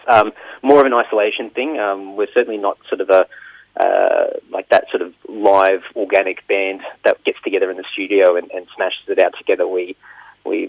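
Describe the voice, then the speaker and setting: A man with an Australian accent, chatting casually in an interview as a band's bass player, rambling and self-mocking as he acts out studio exchanges. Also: gravelly, husky, dry recording, highs cut off. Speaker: band bass player, guest.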